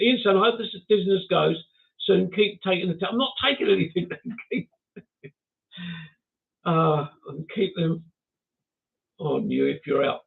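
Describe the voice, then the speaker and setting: An older man hosts a casual livestream chat, reading out viewer comments with chuckles and self-mocking asides. His fairly high, gravelly voice is animated and slow, with long pauses, and the audio sounds tinny, like a phone.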